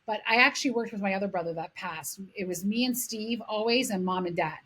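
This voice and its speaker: A middle-aged woman from Canada co-hosting a podcast, telling animated stories in casual chat and swearing freely. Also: mid-range voice, a little fast, husky. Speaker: podcast co-host.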